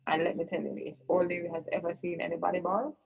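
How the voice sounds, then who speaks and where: Brief: woman guest, earnest and reflective, gravelly voice, dull lo-fi recording. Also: lowish voice, level tone, fast. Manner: earnest, reflective, with frequent fillers and restarts. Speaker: interview guest. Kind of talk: personal storytelling in casual chat.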